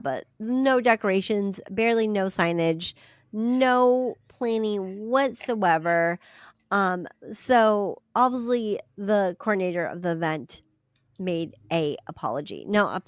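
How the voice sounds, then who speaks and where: A woman co-hosting a casual book podcast, chatting animatedly, hedging with "allegedly" and jumping into high voices when she acts out other people. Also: normal speed, no room sound, studio quality. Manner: hedges with repeated "allegedly". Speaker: podcast co-host. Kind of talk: casual chat.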